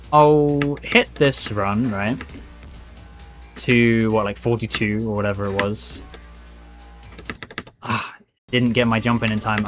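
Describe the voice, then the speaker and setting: A man's voice: mid-range voice, a bit bright. A man streaming a game, talking to himself and his chat in a rambling, casual way and calling people "bro". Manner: chatty, rambling, says "bro" a lot. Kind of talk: live gameplay commentary.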